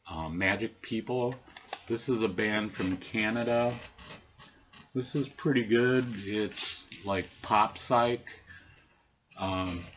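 A man with a deep voice talks slowly through his vinyl finds, pausing often with ums and uhs. The audio sounds a bit dull and lo-fi, with faint noise behind him. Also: a bit bright. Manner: laid-back, hesitant, many ums and uhs. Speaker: record collector showing vinyl finds. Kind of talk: casual record review.

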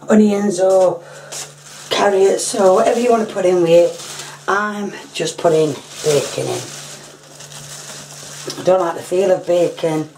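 A hoarse woman who is losing her voice talks casually through a home cooking demonstration. She often clears her throat and apologises. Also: on the low side, warm tone, slight background noise.

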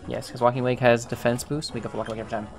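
A man's voice: medium pitch, flat delivery, very fast, soft background music. A man giving casual gameplay commentary, thinking aloud, repeating himself and talking to his game characters. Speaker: gaming YouTuber.

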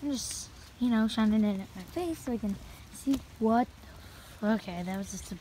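A woman's voice: a little high, a little fast, dark tone, slight background noise, low-quality recording. A woman vlogging alone as she walks a wooded trail, jumpy and swearing often, recorded on a handheld phone. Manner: jumpy, swears often, mutters half under her breath. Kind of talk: nervous solo walking vlog. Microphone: phone held in hand.

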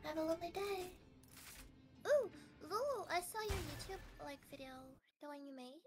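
A woman's voice: high voice, a little fast, over music. A woman friend on a voice call, chatting casually during a game, giggly and teasing. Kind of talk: casual chat while gaming.

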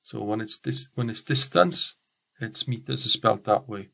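A man's voice: fairly low pitch, lively intonation, moderate pace, creaky, sharp tone. A man with a Welsh accent, a teacher giving a recorded science lesson in a chatty, rambling way and often restarting his sentences. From Wales. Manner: chatty, rambling, self-correcting.

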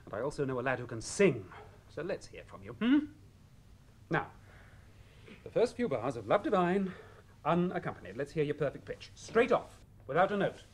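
A man's voice: on the high side, big pitch swings, moderate pace, long pauses. An actor playing a stern, hot-tempered male choirmaster in a radio drama, blunt and drilling in manner. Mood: coaching. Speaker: church choirmaster. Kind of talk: 1980s radio drama acting.

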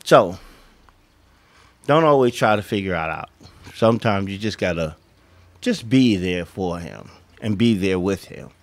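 A man's voice: sits low, animated, unhurried, pauses often, no room sound. A man giving blunt relationship advice to women in a casual monologue, swearing and acting out little back-and-forth dialogues.

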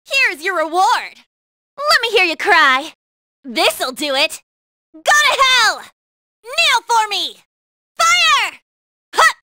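Game battle barks for a whip-cracking teen girl thief, feisty and taunting, slow and lively in pitch, dry studio sound. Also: no room sound, heavily acted. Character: fiery teenage girl phantom thief with a whip. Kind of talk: video game battle voice lines.

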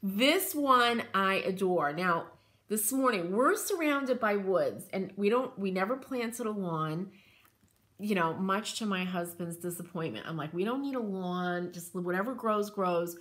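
Slow-talking, gushing woman host. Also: mid-range voice, fairly bright tone. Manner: gushing, enthusiastic; rambling, with frequent asides. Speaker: craft channel host. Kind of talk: casual show-and-tell chat.

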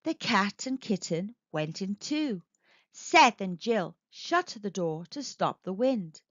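Kids' storybook reader, woman, slow and expressive; dull lo-fi, dry sound. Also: mid-range voice, dry recording. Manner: slow, expressive, sing-song reading for kids. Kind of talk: storybook read-aloud.

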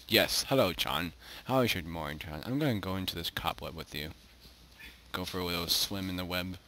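A man's voice: low voice, fairly quick, pushed and bright. A man giving casual let's-play commentary as a gaming YouTuber, goofy and chatting to the animals in the game.

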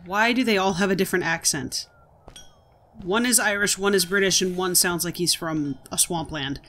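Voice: medium pitch, normal speed, bright, forceful tone. A gaming video host giving chatty, reactive commentary while playing. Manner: chatty, reactive, exclaims at gameplay. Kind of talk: let's-play commentary.

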